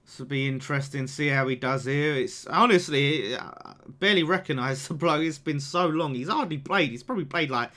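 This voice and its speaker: A man's voice: fairly high pitch, a little fast, hardly any pauses. A young man hosting a live football watchalong, reacting to the game, swearing and reading out viewer messages. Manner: chatty, swears, reacts loudly to the game and reads super chats. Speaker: fan channel watchalong host. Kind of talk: live match watchalong commentary.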